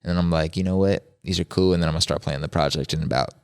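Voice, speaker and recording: A man's voice: deep voice, fairly even intonation, racing, darkish tone, smooth. A man hosting a podcast, chatting casually in a laid-back, slangy, opinionated way. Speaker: podcast host. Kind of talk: casual chat.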